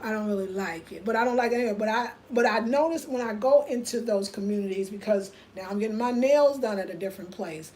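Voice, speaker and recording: Animated storytelling woman, higher voice. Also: low-quality recording. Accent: African American English. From United States. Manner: animated, acts out other people's voices in quotes. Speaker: vlogger. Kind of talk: casual storytelling monologue.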